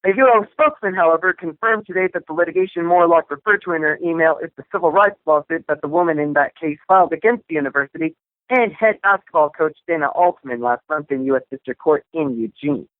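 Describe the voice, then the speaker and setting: A man's voice: a little high, fast, no echo. A man co-hosting a news show, reading headlines and adding wry comments of his own. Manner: reads news items with wry asides. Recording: tinny phone line, dry.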